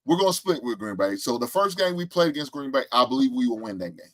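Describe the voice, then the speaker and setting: A man's voice: mid-range voice, lively intonation, fast talker, a bit bright. A man hosting a casual live-stream sports talk show, boasting about his predictions and firing back at the chat with laughs and trash talk. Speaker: show host.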